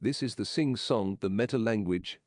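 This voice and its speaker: A man narrating an English lesson in slow, measured, explanatory sentences. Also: on the low side, darkish tone, no room sound, clean studio sound.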